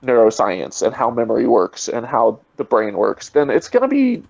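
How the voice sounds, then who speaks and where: A man's voice: medium pitch, huge pitch swings, moderate pace, vocal fry, a little mellow, no echo. Rambling man on a dull dry call. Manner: rambling, heavy on "you know" fillers. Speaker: guest, atheist video creator. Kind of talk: casual online debate chat.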